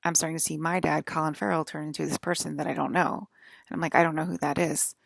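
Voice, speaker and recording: A woman's voice: deep voice, little pitch movement, fast talker, vocal fry, no room sound, studio quality. A young woman talking in a rambling, casual monologue full of fillers and apologies. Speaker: vlogger.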